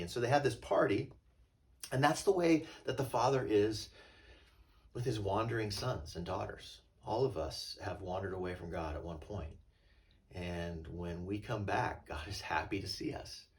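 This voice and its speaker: A male pastor giving a relaxed, conversational sermon and retelling a parable. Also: low voice, moderate pace, distant mic. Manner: conversational and storytelling.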